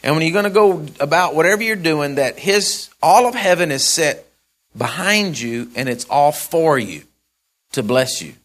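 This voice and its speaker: A man preaching a sermon in a folksy storytelling way, acting out the characters and repeating phrases, swinging from loud to soft. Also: a little high, animated, moderate pace.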